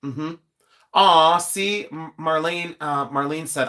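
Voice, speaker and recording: A man's voice: a little high, takes it slowly, bright, forceful tone. A man in his fifties hosting a live stream, telling stories in a chatty, joking way. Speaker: host. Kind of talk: casual live-stream chat.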